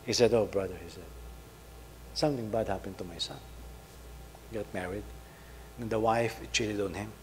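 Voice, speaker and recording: A middle-aged man, preaching a sermon, telling a story and swinging between loud emphasis and soft asides. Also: on the low side, moderate pace, pauses often. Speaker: pastor. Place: church hall. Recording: faint hum, long hall reverb.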